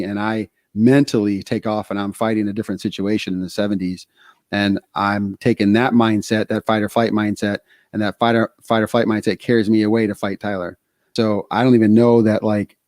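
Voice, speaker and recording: A middle-aged American man co-hosts a podcast, telling candid stories full of fillers in casual talk. His voice is lowish and darkish, captured in a dry, studio-quality recording.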